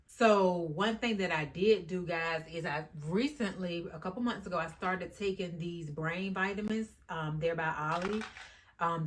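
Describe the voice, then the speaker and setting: A woman with a fairly low speaking voice chats straight to her camera as a vlogger. She is animated and informal, and she keeps turning to her viewers as "y'all" and "guys". Her tone is loose and conversational. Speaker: YouTube vlogger. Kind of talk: casual talk to camera.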